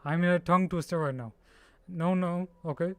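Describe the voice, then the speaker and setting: A man chatting casually on a live stream, haltingly sounding out foreign names and laughing at his own mistakes. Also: sits high, dry recording. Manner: halting, tries out names slowly, laughs at himself.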